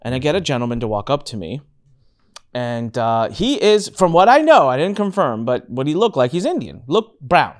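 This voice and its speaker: A man in a casual podcast chat who tells his story with animated energy and blunt, frank wording. His voice sits at an ordinary middle pitch. He laughs now and then and swears casually. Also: normal speed. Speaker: podcast host.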